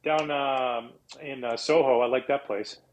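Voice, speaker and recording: Middle-aged man from Canada, guest storyteller, casual and animated, jumps into high-pitched impressions. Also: a little slow, highs cut off, a crowd in the background.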